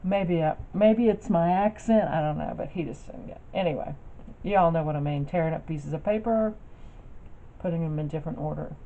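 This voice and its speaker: Fairly quick and low-pitched with a dark tone, a woman who vlogs about crafts rambles casually through a show-and-tell for the camera, full of fillers and restarts. The recording is lo-fi and dull, with faint noise.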